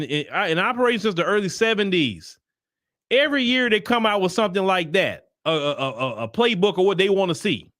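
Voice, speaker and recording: A man's voice: high-pitched, fairly bright tone, no room sound, studio quality. A man hosting a solo political commentary show, talking emphatically and firing off repeated rhetorical questions, with sarcastic asides while browsing websites on screen.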